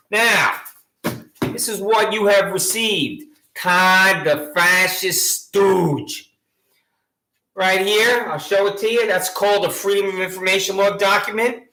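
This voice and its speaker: A man with a high voice rants straight at a local official, sarcastic and combative as he reads out his own letters. His tone is bright and sharp. The sound bounces around a roomy, echoey space. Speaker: citizen reading his complaints to a sheriff. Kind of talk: angry direct-address monologue.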